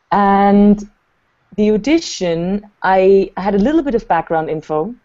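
A woman's voice: on the low side, dark tone. Chatty woman actress, dull video-call sound. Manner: chatty, rambling, many fillers. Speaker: actress and guest. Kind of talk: casual storytelling in an interview.

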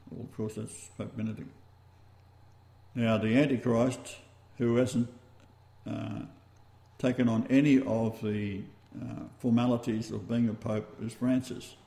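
A man with an Australian accent hosting a talk-radio show, rambling and halting as he goes. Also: mid-range voice, little pitch movement, creaky, warm tone, reverberant. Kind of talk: casual talk-radio chat.

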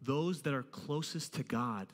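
A man preaching a sermon to his church, joking and animated as he goes. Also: medium pitch, unhurried. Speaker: pastor. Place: church auditorium. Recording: reverberant hall with faint music.

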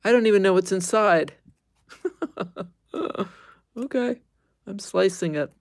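Woman host, casual livestream chat, unhurried with a gravelly edge, dry close sound. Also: mid-range voice, expressive, darkish tone, no room sound. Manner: chatty, easily amused, squeamish exclamations.

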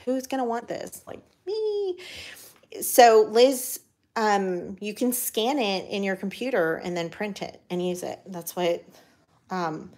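An American woman talking casually while she crafts, rambling with lots of fillers and restarts, her voice a little worn from talking. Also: medium pitch. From United States. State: voice cracking from talking. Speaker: craft vlogger.

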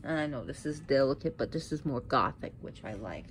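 A woman's voice: rumbling low, lively intonation, fairly quick, a little hiss or hum. A woman hosting her own channel, talking casually about mythology while setting up an altar at home, rambling and correcting herself as she goes. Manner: rambling, self-correcting, with sudden outbursts. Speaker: pagan video host.

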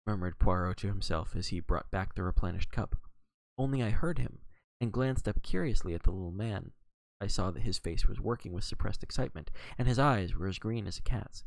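A man narrates a classic mystery in the first person, steady and unhurried. His voice is low with a gravelly edge, recorded dry and close with no room sound. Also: no room sound. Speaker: audiobook reader.

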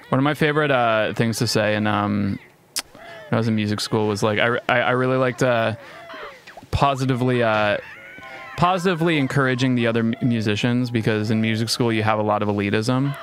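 A young man talks through a game run in loose, profanity-laced chatter, quick to joke and quick to flare up. His voice sits in a middle range, with game music playing faintly behind him. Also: mid-range voice. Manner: profane, excitable, jokey. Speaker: streamer. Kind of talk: casual gameplay commentary.

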